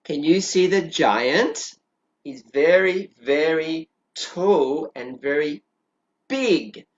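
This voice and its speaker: A woman's voice: low-pitched, expressive, very slow, lo-fi sound. A woman kindergarten teacher who patiently prompts small children during story time and draws her words out.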